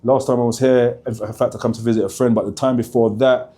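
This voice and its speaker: A man in his forties, a motivational speaker, talking fast and fired up to camera in a vlog. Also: medium pitch, flat delivery, warm tone. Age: 40s. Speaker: motivational speaker, channel host. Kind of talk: energetic vlog talk to camera.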